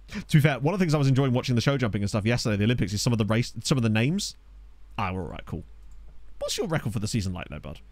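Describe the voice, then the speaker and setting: A young man riffs over a football management game, chatting with his viewers as the match goes on. His pitch jumps all over the place when he gets excited. The sound is dry and close, like a desk microphone at home. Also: no echo. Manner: chatty, excitable, reads chat aloud. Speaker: gaming streamer. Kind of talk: live gameplay commentary. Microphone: desk USB microphone.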